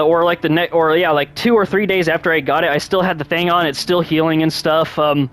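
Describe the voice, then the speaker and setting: A man hosting his own channel, chatting casually and one-on-one with viewers. He rambles, restarts his sentences often, laughs a lot and gets animated when telling a story. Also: sits high. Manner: rambling, with frequent restarts and self-corrections. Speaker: channel host.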